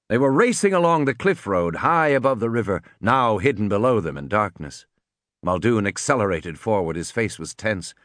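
A man's voice: mid-range voice, fairly bright tone, no room sound, studio quality. Man narrating a tense audiobook. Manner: tense, dramatic storytelling.

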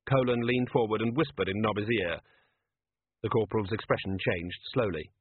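Husky man narrating on a tinny line. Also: lowish voice, normal speed, dry recording. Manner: expressive, wry storytelling. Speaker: audiobook narrator. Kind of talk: scripted narration. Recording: dry, tinny phone-like sound.

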